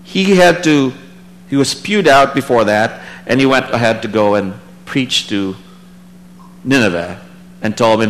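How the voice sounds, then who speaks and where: A man teaching a Bible passage in a sermon, reading verses aloud and then commenting in a relaxed, conversational way, his voice rising for emphasis. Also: measured pace, long pauses, low-quality recording. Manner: animated, rises in pitch and volume for emphasis. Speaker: preacher.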